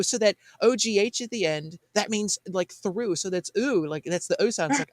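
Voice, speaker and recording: A man with a notably high voice tells a story in a casual online chat, breaking into laughter as he goes. The sound is dry and close, with no room behind it. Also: a little fast, few pauses, no echo. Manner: animated storyteller, laughs often. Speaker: podcast host.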